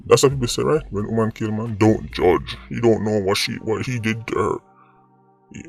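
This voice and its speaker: Low-voiced Jamaican man arguing his point. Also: fairly quick, vocal fry, slightly rough, faint music behind. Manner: argumentative, rhetorical "right?" asides. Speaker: vlog host. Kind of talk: opinion commentary.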